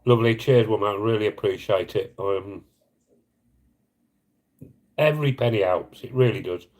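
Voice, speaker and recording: Earnest, low-voiced man livestreaming. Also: moderate pace, a little mellow, poor audio. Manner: earnest and emotional, rambling, apologetic. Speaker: live streamer appealing for donations. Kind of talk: casual live stream chat, reading comments.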